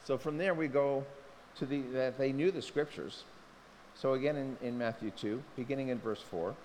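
Pastor guy preaching, gets fired up and jumps way high on pitch, big reverby hall. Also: moderate pace, a little mellow. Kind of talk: sermon. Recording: long hall reverb, faint noise.

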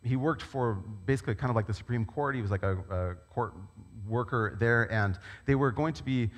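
A man preaching a sermon as a pastor, talking in a conversational, animated storytelling way. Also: medium pitch, a little fast. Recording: long reverb of a large hall.

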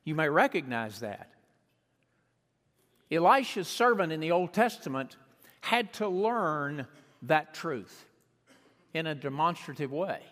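A man preaching a sermon, emphatic, slowing down to stress key words and rising on repeated phrases. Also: sing-song, fairly bright tone. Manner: emphatic preaching with sweeping pitch and slowed stresses. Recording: long hall reverb.

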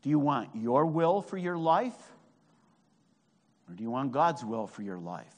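A man preaching a fervent sermon at a camp, swinging from hushed words to shouted, drawn-out emphasis. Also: medium pitch, expressive. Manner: draws out key phrases slowly. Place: meeting hall at a camp. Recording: long hall reverb.

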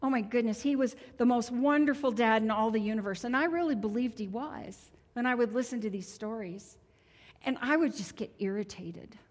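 A woman's voice: fairly high pitch, normal speed. Earnest older woman preaching in a reverberant church. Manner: earnest, heartfelt, conversational. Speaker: prayer minister preaching. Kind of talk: personal testimony sermon. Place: church sanctuary. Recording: long church hall reverb.

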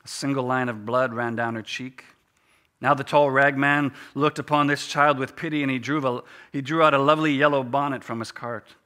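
A man telling a story dramatically, expressive and dropping to a hush in quiet moments. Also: mid-range voice, normal speed.

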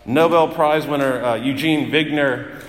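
A man's voice: fairly high pitch, unhurried. A male pastor giving a sermon in an earnest, emphatic way, often repeating phrases. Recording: echoey hall with long reverb.

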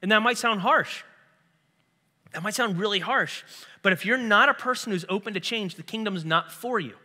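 A man preaching a sermon as pastor, earnest and emphatic, his throat a little clogged so he keeps clearing it. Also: high voice, normal speed, pushed and bright. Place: church sanctuary. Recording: long reverb of a large hall.

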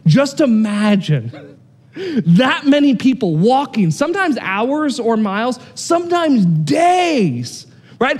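A man preaching a sermon as pastor, animated and swinging between loud excitement and quiet, earnest intensity. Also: very high voice, long reverb tail.

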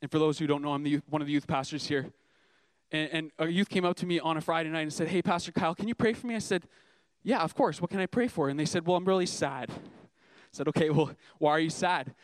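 A man's voice: on the high side, fast, dry recording. A young man preaching a sermon as a youth pastor, earnest and emphatic, asking the congregation rhetorical questions.

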